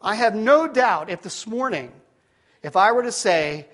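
Pastor, man in his 50s, higher-pitched voice, animated sermon delivery with loud peaks and hushed drops. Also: unhurried. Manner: animated storytelling, rising to shouts at peaks, dropping to near-whispers; self-deprecating asides.

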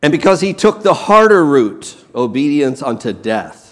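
A man preaching a sermon, slow and emphatic, repeating key words for weight. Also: medium pitch, big pitch swings, fairly bright tone. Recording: long hall reverb.

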